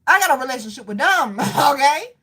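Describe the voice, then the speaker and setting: Lively, bright-voiced woman medium, chatty. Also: sits high, brisk. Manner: animated, laughs often, swings between loud outbursts and soft murmurs; casual, slangy, chatty. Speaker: spirit medium. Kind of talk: live medium reading, talking to spirits.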